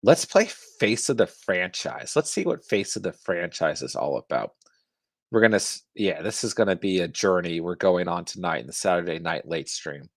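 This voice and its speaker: Young guy hosting a live stream, super low gravelly voice, easygoing chat, dry close mic. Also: lively intonation, moderate pace, dry recording. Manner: reads viewer chat aloud, easygoing. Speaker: host.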